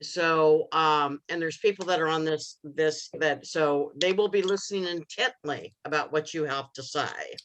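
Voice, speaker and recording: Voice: medium pitch, a little slow, few pauses, fairly bright tone. A coach chatting on a video call, playful and joking. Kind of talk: casual chat.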